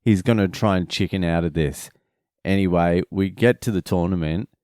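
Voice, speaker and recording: A man's voice: sits low, moderate pace, clean tone, dry recording, studio quality. A man, a father, telling a family story in a casual, profane, rambling vlog. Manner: profane, rambling, animated retelling.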